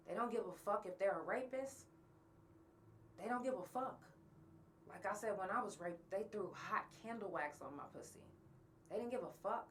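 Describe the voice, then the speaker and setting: A woman's voice: medium pitch, a bit bright, far from the mic, a little hiss or hum. A woman hosting a podcast, talking bluntly and angrily to her listeners and swearing often. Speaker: podcast host. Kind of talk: candid monologue to listeners.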